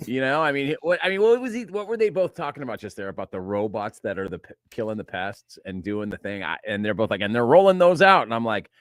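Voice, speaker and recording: A man's voice: fairly low pitch, lively intonation, fast, few pauses, dry recording. A man co-hosting a podcast, telling rambling stories in casual chat, full of fillers and restarts. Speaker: podcast co-host.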